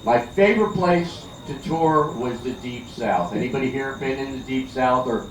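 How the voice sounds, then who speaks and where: A man's voice: medium pitch, normal speed. An older man works a backyard party crowd with chatty, teasing stand-up. He is from Philadelphia and tells stories. The sound is distant and echoey, with party noise all around. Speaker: stand-up comedian. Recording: echoey, distant, noisy outdoor party recording.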